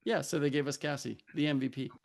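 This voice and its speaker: A man's voice: on the high side, fairly even intonation, fast talker, gravelly. Enthusiastic man co-hosting a film podcast. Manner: enthusiastic, earnest, laughs often. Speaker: podcast co-host. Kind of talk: casual film podcast chat.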